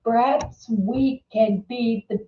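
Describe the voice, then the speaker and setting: A woman hosting a live-stream chat, speaking slowly and haltingly with a somewhat high voice. She keeps restarting her sentences and repeating words. She sits at a distance from the mic in a roomy, echoing space, and the sound is dull. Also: steady tone, a little hiss or hum. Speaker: host.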